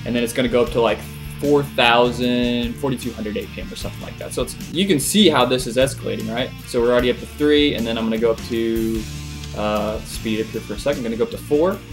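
A young man casually explaining a video game trick over a replay, relaxed, with frequent filler words. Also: medium pitch, fast talker, music in the background. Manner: relaxed, many "uh" fillers, chuckles. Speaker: gaming video creator.

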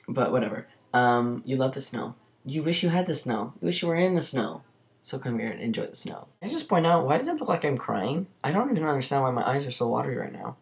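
A young man talks to his camera from his bedroom in a loose, rambling way, full of asides and jokes. His voice sits at a middle pitch with a gravelly fry running through it is easy to hear. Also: a little mellow. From Canada. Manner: chatty, rambling, joking, lots of "like" and "um". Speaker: vlogger. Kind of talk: casual vlog chat to camera.

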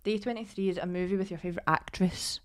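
A woman's voice: on the low side, fairly even intonation, fast talker. A woman, chatting on a podcast, rambling and full of fillers. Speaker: podcast co-host. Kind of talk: casual chat.

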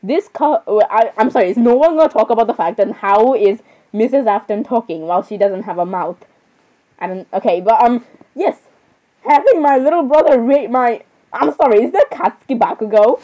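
A teenage girl chatters through casual reaction commentary, apologizing again and again between giggles. Her voice sits fairly high but sounds mellow and soft rather than bright. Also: lively intonation, normal speed, rough recording. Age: teens.

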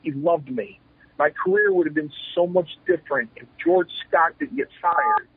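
A man's voice: fairly high pitch, normal speed, slightly rough, dry recording. A man in his forties, a retired pro wrestler, telling candid stories in an interview. He speaks with animation, acts out old exchanges, and often restarts his sentences. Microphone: telephone. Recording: tinny phone line.

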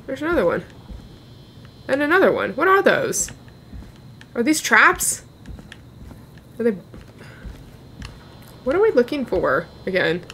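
A woman's voice: on the high side, huge pitch swings, unhurried, long pauses, fairly bright tone, a little hiss or hum. A young woman chatting and reacting as she plays a horror game. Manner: chatty, jumpy, talks to the game. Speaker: gaming YouTuber. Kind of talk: let's play commentary.

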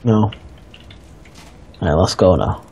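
A man's voice: sits low, animated, slow, creaky, darkish tone, slight background noise. A young man casually bantering and swearing while playing a video game. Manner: crude, teasing, swears a lot. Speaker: game commentator.

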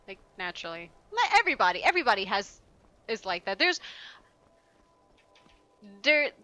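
A woman's voice: fairly high pitch, bright, forceful tone, lo-fi sound. A woman streaming a video game, chatting casually in a rambling, profane way and laughing often. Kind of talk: casual chat while playing a game.

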